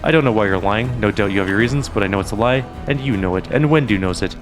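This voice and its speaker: A man's voice: on the low side, fast talker, music in the background, lightly acted. A man voicing an idealistic young male mongrel from a fantasy game, reading his lines indignantly.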